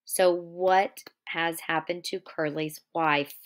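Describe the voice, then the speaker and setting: A woman teacher leads a guided class reading. She speaks in an even, mid-pitched voice and stops regularly to pose questions to her students. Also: slow pace.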